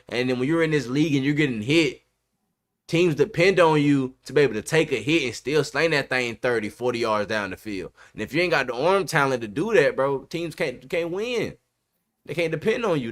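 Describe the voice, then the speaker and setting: Emphatic man arguing sports. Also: a little high. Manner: emphatic, animated, repeats "bro" often. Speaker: podcast host. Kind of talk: casual sports debate. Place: podcast studio.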